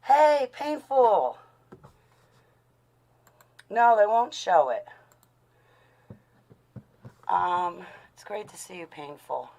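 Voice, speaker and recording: A woman's voice: mid-range voice, very animated, very slow, vocal fry, pauses often, mellow, slight background noise. A woman hosting a casual video, out of breath and chatty, apologizing to her viewers. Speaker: video host. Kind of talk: casual chat.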